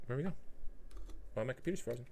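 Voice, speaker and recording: With no room sound, this young livestream host talks fast in a mid-range, slightly mellow voice that has vocal fry and lively intonation. He reads viewer comments, jokes loosely with his chat, and addresses people by name.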